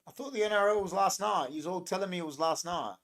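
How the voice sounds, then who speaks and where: A man's voice: high-pitched, fast, a bit bright. Young male streamer, loose and jokey, riffs on chat comments. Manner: rambling, joking, reacting to chat comments. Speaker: livestream host. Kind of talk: casual live-stream chat.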